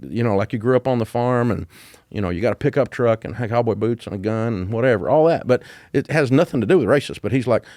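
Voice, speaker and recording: A man in his sixties from the Deep South with a Southern American accent, telling stories as a guest in a casual interview. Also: quick pace, darkish tone, no echo, studio quality. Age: 60s. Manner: storytelling, folksy, chuckling. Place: office at his headquarters.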